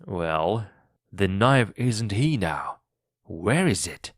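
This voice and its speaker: A blunt, skeptical pirate deckhand who questions everything, as a man puts him on in a storybook reading. His delivery is low and unhurried, close and dry. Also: big pitch swings, no echo, exaggerated voice. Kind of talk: audiobook reading for learners.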